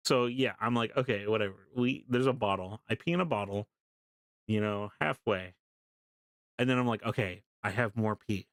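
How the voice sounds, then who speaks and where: A young man casually telling a story to his live stream chat, animated, laughing often and swearing freely. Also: on the low side, no room sound, clean studio sound.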